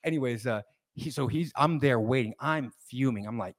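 Male podcast host, casual storyteller, gravelly, dry close sound. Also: medium pitch, normal speed, no room sound. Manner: rambling, animated anecdote telling with restarts.

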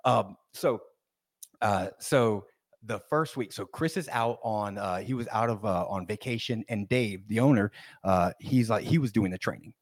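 A young adult man, a podcast guest, telling a story in casual chat, animated and rambling, with restarts and acted-out quotes. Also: lowish voice, normal speed, no echo, clean studio sound.

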